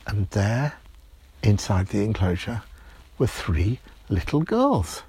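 A man telling an improvised bedtime story in a lively, playful way. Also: on the low side, takes it slowly, husky.

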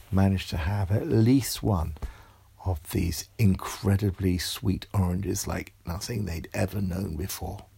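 A man telling a bedtime story in a soft, hushed, often whispered voice. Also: low voice, unhurried, creaky, slightly rough, no room sound.

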